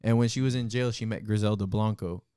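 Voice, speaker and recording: A man's voice: lowish voice, fairly even intonation, quick pace, dark tone, clear, resonant tone, no room sound, clean studio sound. A young man hosting a podcast, telling stories in a laid-back, slangy way. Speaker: podcast host. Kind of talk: casual chat.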